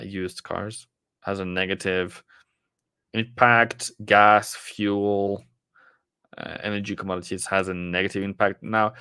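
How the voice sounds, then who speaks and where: A man with a low, smooth voice talks loosely through a live trading stream. He rambles and answers viewer comments. The sound is close and dry. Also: a bit bright, dry recording.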